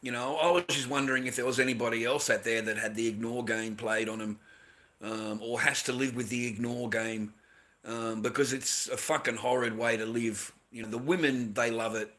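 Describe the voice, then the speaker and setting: A man's voice: medium pitch, fairly even intonation, moderate pace, a bit bright. A middle-aged Australian man ranting casually to his viewers, rambling and lecturing with constant swearing.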